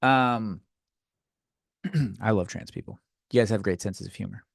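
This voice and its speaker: A man's voice: on the low side, measured pace, vocal fry, no room sound, studio quality. An American man hosting his own podcast, ranting in a crude, rambling and self-mocking way while he answers listener questions. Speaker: podcast host. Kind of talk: casual comedic rant.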